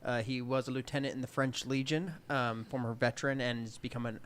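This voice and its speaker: A man's voice: medium pitch, little pitch movement, fairly quick. Man, tabletop player, laid-back, faint background noise. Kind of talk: casual character introduction.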